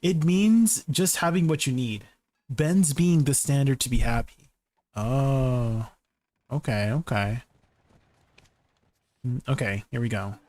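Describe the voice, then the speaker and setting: A man's voice: medium pitch, slow pace, long pauses, darkish tone, dry recording. A man streaming a game, chatting casually, reading chat aloud and laughing often.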